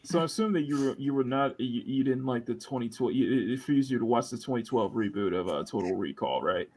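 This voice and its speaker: A man's voice: mid-range voice, lively intonation, fast talker, darkish tone. A man hosting a casual live stream chat, joking, laughing often and restarting his sentences. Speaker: host.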